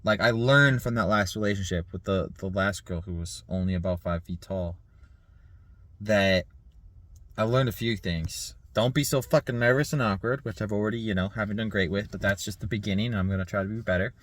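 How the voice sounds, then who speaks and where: A man in his thirties rambling in a casual vlog monologue, laughing often, swearing and filling pauses with "like" and "um". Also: lowish voice, a bit bright, no room sound. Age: 30s. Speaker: vlogger.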